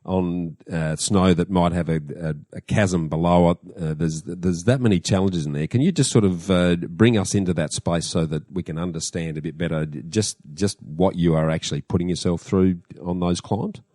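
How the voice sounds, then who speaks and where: A man's voice: low-pitched, warm tone, no room sound, clean studio sound. A man hosting a podcast, asking long questions with many restarts and repeated words. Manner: halting, repeats words while framing questions. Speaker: podcast host. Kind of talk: interview questions.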